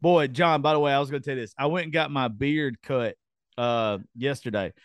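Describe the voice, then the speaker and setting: A man's voice: mid-range voice, a little fast, dry recording. A man hosting a casual podcast chat, rambling loosely and swearing as he tells stories.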